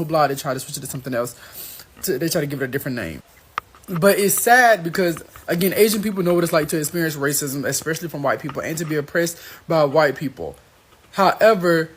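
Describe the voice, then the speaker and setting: Husky man with indignant commentary. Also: fairly high pitch. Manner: earnest, indignant. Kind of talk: opinion commentary to camera.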